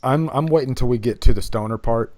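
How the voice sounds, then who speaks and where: A man's voice: medium pitch, fairly quick, mellow, no echo. A man hosting a casual movie commentary stream, chatty and full of trivia, laughing often.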